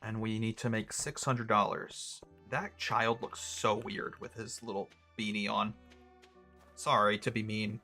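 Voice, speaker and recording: A young man casually commentating his own gameplay, thinking out loud with a wry, chatty manner. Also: fairly low pitch, fairly even intonation, unhurried, faint music behind. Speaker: gaming streamer. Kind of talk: casual let's-play commentary.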